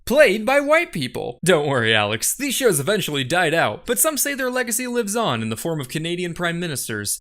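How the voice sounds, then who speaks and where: A young man narrating an animated comedy in a dry, sardonic way. His voice is bright and lively, bouncing through a wide pitch range.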